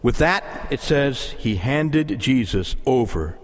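A man preaching a sermon, animated and pleading as he moves between teaching and prayer. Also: medium pitch, slow. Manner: lively, rising to impassioned pleading in prayer. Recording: long hall reverb.

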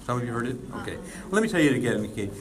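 A priest gives a chatty, conversational sermon, his pitch leaping high and dropping low. He sprinkles in casual asides, with a faint hiss behind him. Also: rapid-fire. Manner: conversational, animated preaching with asides. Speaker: Catholic priest. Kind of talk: sermon talk.

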